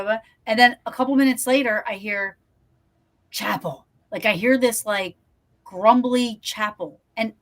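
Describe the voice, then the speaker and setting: A paranormal investigator with a mid-range voice tells stories animatedly in a casual podcast conversation. She acts out the quotes as she goes.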